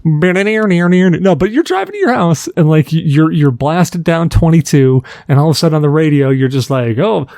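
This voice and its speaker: A man hosting a casual podcast chat, telling jokey stories in an animated way. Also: fairly high pitch, normal speed, hardly any pauses, no echo, clean studio sound. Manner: animated, joking storyteller. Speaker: podcast host.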